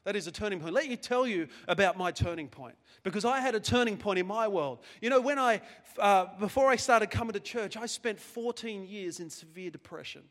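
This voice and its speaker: An Australian pastor in middle age preaches a sermon in a church hall, emphatic and repetitive, with self-deprecating humor. His voice is high and fairly bright, at a moderate pace with few pauses. He uses a handheld mic, and the hall adds a long reverb.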